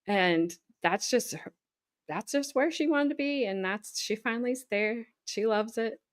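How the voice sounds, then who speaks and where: A woman's voice: on the high side, a little slow. A woman chatting on a video call. She laughs along and trails off mid-sentence. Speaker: live-stream co-host. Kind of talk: casual video chat. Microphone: video call webcam.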